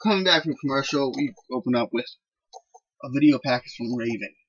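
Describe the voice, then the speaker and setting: A man's voice: mid-range voice, fairly quick, slightly rough, no room sound, highs cut off. A man giving casual, rambling commentary while playing a wrestling management game. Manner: chatty, rambling recaps. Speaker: video game let's player.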